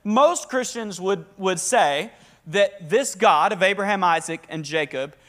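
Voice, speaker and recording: A young man with a Southern accent preaching a lively, joking sermon to a congregation and prompting them to answer back. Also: sits high, measured pace. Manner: talkative, energetic, joking. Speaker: pastor. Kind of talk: lively sermon with call-and-response. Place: church hall with a live congregation.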